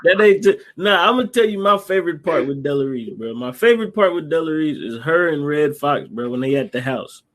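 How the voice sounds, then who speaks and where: Animated high-voiced man riffing on a movie. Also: a little fast, few pauses. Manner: animated, laughing, acting out movie lines. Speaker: podcast co-host. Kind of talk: casual movie chat.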